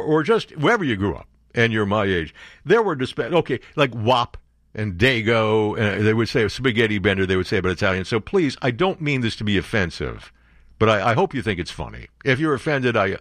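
A man's voice: on the low side, a bit bright, no room sound, clean studio sound. An older man from New York hosting a talk radio show, delivering sarcastic, mocking, opinionated commentary.

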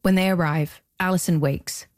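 Low-voiced woman narrating a documentary. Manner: measured, even storytelling. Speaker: podcast host and narrator.

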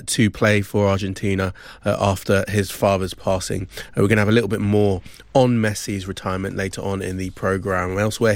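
A man presenting a sports news bulletin, brisk, with frequent ums. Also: on the low side, dry recording.

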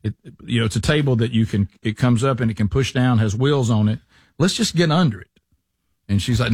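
A man's voice: medium pitch, normal speed, breathy edge, dry recording. A middle-aged man, telling a long casual story to his co-hosts and acting out the quotes in it. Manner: animated storyteller, acts out quotes.

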